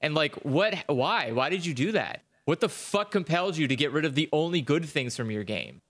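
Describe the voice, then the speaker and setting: A man's voice: a little high, normal speed. Ranting, foul-mouthed young-sounding man. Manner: animated ranting, heavy swearing. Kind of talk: casual chat about video games.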